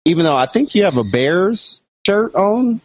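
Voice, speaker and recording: A man's voice: high voice, very animated, moderate pace, no room sound. A man co-hosting a podcast, reading a story aloud with laid-back, teasing banter. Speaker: podcast co-host. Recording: dry, dull lo-fi sound.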